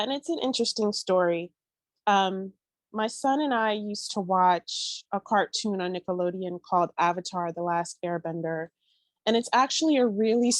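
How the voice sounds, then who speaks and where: A woman in her thirties, a podcast guest telling a personal story with lively, emotional bursts. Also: medium pitch, no room sound. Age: 30s. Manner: animated, emotional, bursts of exclaiming.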